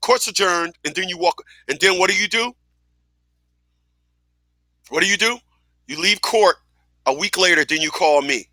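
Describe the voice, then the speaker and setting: A man's voice: sits high, moderate pace, pauses often, sharp tone, no room sound. A man hosting a radio talk show, speaking bluntly and emphatically with profanity and lots of repetition. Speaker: radio host. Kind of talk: casual talk radio monologue.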